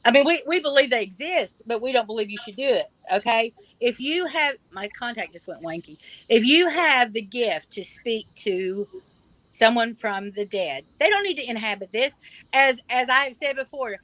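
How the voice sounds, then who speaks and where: Outspoken appalachian lady on a video call, kinda high voice, blunt and emphatic. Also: lively intonation, normal speed, fairly bright tone, no echo, poor audio. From Appalachian Mountains. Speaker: guest. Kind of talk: casual chat.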